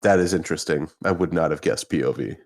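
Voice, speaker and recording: A man co-hosting a comedy podcast, teasing his friends with crude deadpan banter and steering the questions. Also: extremely low pitch, fast talker. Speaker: podcast co-host.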